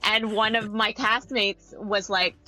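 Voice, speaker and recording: A Canadian woman talks through an interview in a lively, chatty way, often laughing. Her voice has a bright, forward ring. Faint music plays quietly beneath her. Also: mid-range voice, takes it slowly. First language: English. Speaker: actor-coach guest. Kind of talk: casual interview conversation.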